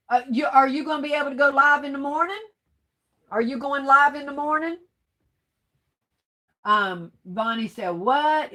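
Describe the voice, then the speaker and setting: A woman hosting a casual livestream, reading viewer comments aloud in relaxed, colloquial speech and calling viewers "baby doll" and "darling.". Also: on the high side. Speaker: livestream host.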